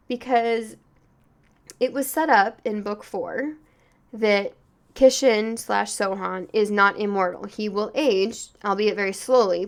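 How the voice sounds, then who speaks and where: A woman hosting a book podcast, reviewing a novel in a casual, gushing monologue full of filler words and restarts. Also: mid-range voice.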